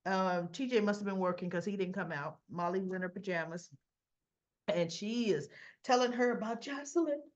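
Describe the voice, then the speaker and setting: A woman's voice: mid-range voice, normal speed, dull audio. A woman giving a chatty, sassy recap of a soap episode, acting out the characters' lines as she goes. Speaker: soap opera reviewer.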